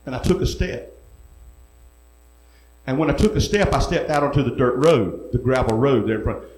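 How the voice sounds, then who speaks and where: A man's voice: medium pitch, lively intonation, moderate pace, a little mellow. A man preaching, telling his own testimony in an earnest, folksy way with rural speech. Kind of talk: sermon testimony. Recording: echoey room.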